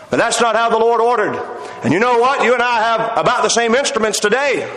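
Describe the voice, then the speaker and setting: In a church sanctuary, a man preaches a sermon in a folksy, storytelling style, full of hesitant fillers and wry humor. His voice is extremely high, animated, a little fast and a bit bright, and the echoey hall adds long reverb.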